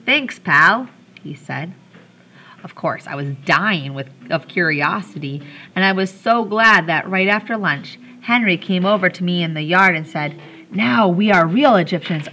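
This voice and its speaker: A woman reading a children's novel aloud, telling the story gently and lightly voicing the characters. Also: on the low side, a little hiss or hum. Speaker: audiobook reader.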